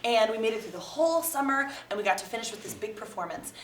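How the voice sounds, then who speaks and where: A woman who teaches theatre tells a lively, laughing story to a live audience. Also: fairly high pitch, fast talker, far from the mic. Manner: animated, laughing often. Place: performance room with an audience. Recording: echoey room, mic from afar, crowd noise.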